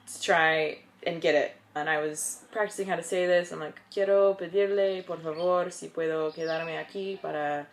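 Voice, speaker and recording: A young woman from the United States chatting casually in a vlog, bubbly and excitable. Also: fairly low pitch. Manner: bubbly and excitable, with frequent laughs. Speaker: vlogger.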